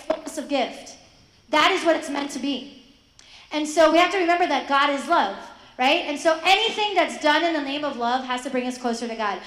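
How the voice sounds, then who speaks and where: A young woman with a high voice gives a lively faith talk to a room of students. She keeps asking her listeners questions and acts out the voices of the people she quotes. The sound rings around an echoey hall. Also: fairly quick. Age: young adult. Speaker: speaker addressing high school students. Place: school hall.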